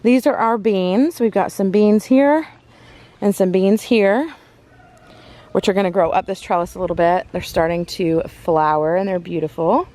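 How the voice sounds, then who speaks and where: Woman, casual garden-tour vlogger, rambling and breathy, mid-pitched voice. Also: moderate pace, warm tone. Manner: chatty, rambling, many ums and self-corrections. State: out of breath from walking fast. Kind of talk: casual walking tour chat. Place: outdoors in a garden.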